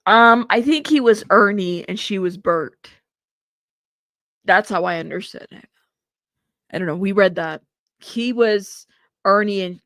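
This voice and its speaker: A woman's voice: medium pitch, measured pace, pauses often, a bit bright, dry recording, studio quality. A woman hosting a casual live stream, chatting, reacting to viewers and laughing. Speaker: host of live trial coverage stream.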